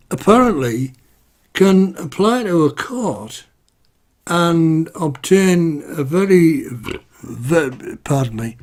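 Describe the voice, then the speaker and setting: A man's voice: mid-range voice, a little mellow. A man from the UK ranting to camera in a casual vlog, exasperated and rhetorical, constantly asking "right?". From United Kingdom. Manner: exasperated, rhetorical, peppered with "right?" and "you know". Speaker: vlogger. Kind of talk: casual opinion rant to camera.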